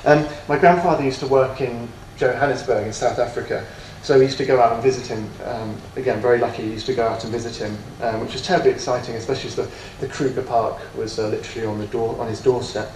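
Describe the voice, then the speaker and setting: A man gives a talk in a lecture room, heard from some way off the mic with an echoey room around him. His delivery is halting and self-deprecating, full of ums and false starts. A faint hiss sits under the voice. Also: mid-range voice, fairly even intonation, a little mellow, recorded from a distance. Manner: hesitant, many ums and restarts, self-deprecating. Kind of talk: autobiographical lecture.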